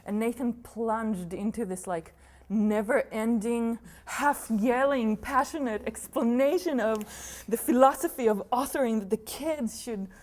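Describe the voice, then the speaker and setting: A woman from Israel, a dance teacher, speaking in a documentary interview, thoughtful and quick to laugh. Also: fairly high pitch, a little mellow. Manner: slow, thoughtful, laughing often.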